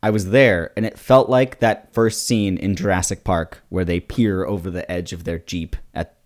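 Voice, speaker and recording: A man co-hosting a casual comedy podcast, teasing his partner in a dry, deadpan way. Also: deep voice, normal speed. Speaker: podcast co-host.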